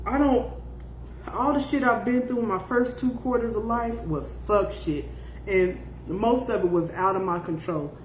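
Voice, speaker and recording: A woman's voice: mid-range voice, moderate pace, a little hiss or hum. A woman in her fifties hosts a loose live chat, reading viewer comments aloud. She talks bluntly, swears freely and breaks into laughter. Her voice rings in a roomy, echoing space. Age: 50s. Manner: blunt and profane, laughs often. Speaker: podcast host.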